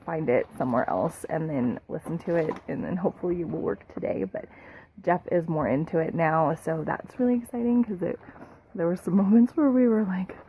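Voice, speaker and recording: A woman's voice: lowish voice, expressive, a little fast, mellow, a little hiss or hum, poor audio. A woman chatting casually in a vacation vlog, bubbly and full of "little" and "like", touring a small cabin. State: morning voice. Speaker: vlogger.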